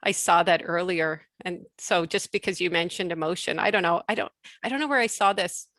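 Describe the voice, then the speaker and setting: A woman speaking as a guest on leadership in a casual webinar conversation over a video call, animated and quick to restart her sentences. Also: lowish voice, dry recording. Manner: animated, quick restarts, laughs between points.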